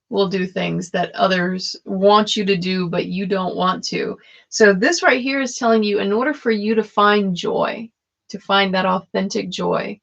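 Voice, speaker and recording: A woman chats her way through tarot readings on a live stream. She talks slowly and warmly to viewers, with a gravelly, fry-edged voice and frequent laughs. The audio is dull and lo-fi, like a home stream. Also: medium pitch. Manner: chatty, laughs often, talks straight to viewers in chat. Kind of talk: casual live-stream chat with card readings.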